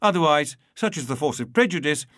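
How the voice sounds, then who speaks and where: Man reading an old memoir, wry and measured, slightly high voice, dry close sound. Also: expressive, fairly bright tone, no echo. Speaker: narrator. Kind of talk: audiobook reading.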